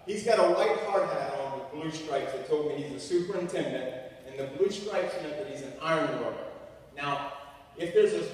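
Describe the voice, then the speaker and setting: A man in his forties from Louisiana giving a sermon-like talk and telling a humorous, animated story. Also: fairly high pitch. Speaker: guest speaker. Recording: echoey hall from far off.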